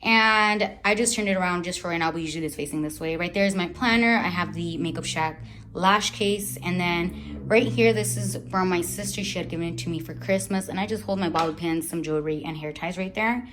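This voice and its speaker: A woman's voice: lowish voice, a little fast, fairly bright tone. A young woman chatting casually through a room tour as a beauty vlogger, rambling and searching for words, a little out of breath. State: a bit out of breath.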